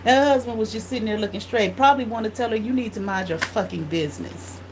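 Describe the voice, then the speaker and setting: A woman tarot reader telling a blunt, animated story in casual speech, swearing freely. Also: mid-range voice, fast talker, slight background noise, rough recording.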